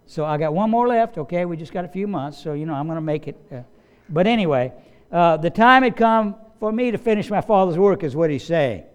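A man's voice: high-pitched, lively intonation, a little fast, clean tone. A man preaching a sermon to his congregation in a conversational way, with casual asides to the listeners and the odd cough. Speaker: pastor. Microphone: slides and study sheet, speaking to a congregation.

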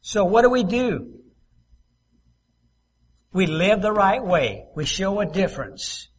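A man pastor preaching a sermon, swinging from loud emphasis to soft asides and acting out quoted voices. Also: high voice, big pitch swings, slow pace, breathy edge, muffled recording.

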